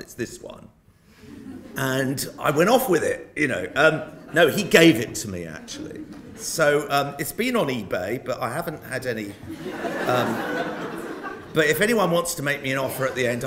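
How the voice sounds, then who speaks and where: In a lecture hall, an older British guest lecturer gives a public talk full of wry, self-mocking anecdotes. His voice is on the low side yet fairly bright, and the recording carries a roomy hall sound.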